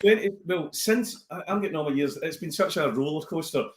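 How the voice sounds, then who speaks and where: A Scottish man, a comedian, chatting casually on a podcast as an animated storyteller who slips into voices. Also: on the high side, a little fast, roomy sound. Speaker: comedian guest.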